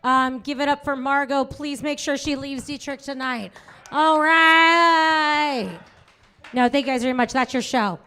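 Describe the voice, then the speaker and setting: A woman host closing a comedy show in a club, loud and upbeat as she thanks the crowd. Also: high-pitched, a little slow. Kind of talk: closing announcements.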